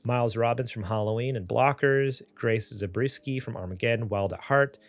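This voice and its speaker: Brief: young male podcast co-host, mid-pitched, steady news-reading delivery, dry close mic. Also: normal speed, dry recording. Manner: reads news stories aloud in an even, steady way. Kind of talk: casual gaming podcast chat.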